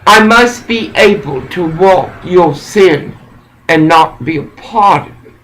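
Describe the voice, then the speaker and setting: In this poorly recorded clip, a man with a high, fairly bright voice delivers a rambling, preachy monologue. He's animated and intense yet halting, circling back and repeating phrases.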